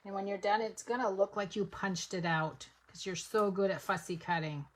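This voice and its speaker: A papercraft instructor runs a live demonstration, chatting with viewers and walking them through each step as she works. Her voice is medium-pitched and steady, at a normal speed.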